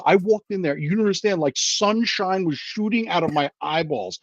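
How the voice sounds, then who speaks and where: A man co-hosting a casual movie podcast, ranting in an animated, self-mocking way. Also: sits high, normal speed, hardly any pauses, no echo, muffled recording. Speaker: podcast co-host. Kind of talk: casual movie ranking chat.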